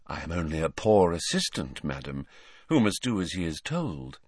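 A man voicing a cold, polite young shop assistant who speaks quietly and carefully. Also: very deep voice, very animated, slightly rough, dry recording, clean studio sound, pitched below the performer's own voice, exaggerated voice. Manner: quiet, measured, restrained.

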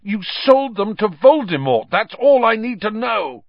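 A man voicing a furious teenage boy wizard who shouts his accusations with a shaking voice. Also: fairly low pitch, unhurried, slightly rough, dry recording, dull audio.

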